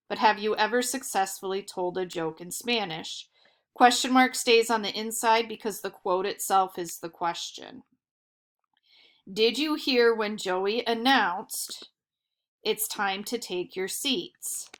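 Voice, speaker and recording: A young woman teaching sixth graders, slowly and carefully explaining quotation punctuation and reading example sentences aloud. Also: medium pitch, fairly bright tone. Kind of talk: screen-recorded grammar lesson.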